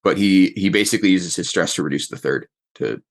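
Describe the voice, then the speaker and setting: Deep-voiced man running a tabletop game. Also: lively intonation, fairly quick, gravelly. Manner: rambling, thinking aloud as he describes. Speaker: game master.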